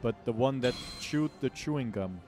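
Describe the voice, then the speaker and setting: A man's voice: medium pitch, normal speed. A man chatting casually while streaming a game, goofy and self-mocking, sometimes humming to himself. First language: Dutch. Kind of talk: casual let's-play chat. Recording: game music playing behind.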